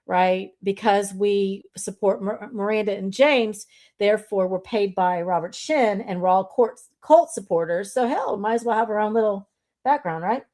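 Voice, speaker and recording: A woman hosts a relaxed live stream. She rambles in a friendly, conversational way and keeps addressing her audience as y'all. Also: mid-range voice, normal speed. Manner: chatty, greets viewers, says y'all. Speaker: livestream host. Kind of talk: casual live stream chat.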